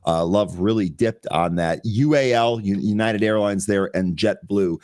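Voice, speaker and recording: A man's voice: fairly low pitch, measured pace, darkish tone. A man hosting a live pre-market trading show, reading headlines and walking through stock charts in a chatty, laughing way. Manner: reads headlines aloud and checks charts while chatting.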